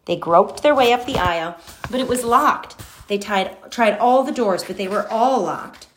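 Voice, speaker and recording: A woman reading a children's storybook aloud, gentle and expressive, giving the children's lines their own voices. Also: a little high, moderate pace, slight background noise.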